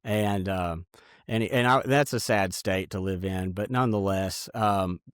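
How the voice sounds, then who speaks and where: A man giving an earnest, halting personal testimony in an interview. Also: sits low, clean tone, no room sound, clean studio sound.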